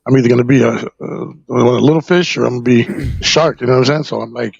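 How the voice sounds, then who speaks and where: A man from New Jersey tells a hard personal story on a podcast, his voice heavily gravelly and husky. He rambles and halts, circling back through fillers and swearing. The sound is dry and a little dull. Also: mid-range voice, no room sound. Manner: halting, rambling, with frequent fillers and profanity. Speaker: podcast guest.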